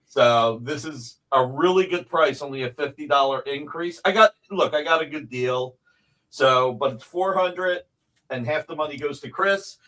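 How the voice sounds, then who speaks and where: A man talking through prices and payment options on a casual live stream, circling back over the same terms as he goes. His voice sits a little high for a man. He sounds like a seller walking buyers through a deal. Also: normal speed, pushed and bright, low-quality recording. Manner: businesslike, rambling explanations of payment terms. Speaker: comics publisher selling original art.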